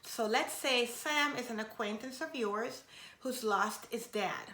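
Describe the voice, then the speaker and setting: Woman, earnest gentle instruction, bright forceful voice, roomy echo. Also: fairly high pitch, unhurried. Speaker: instructor giving advice. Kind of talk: instructional talk to camera.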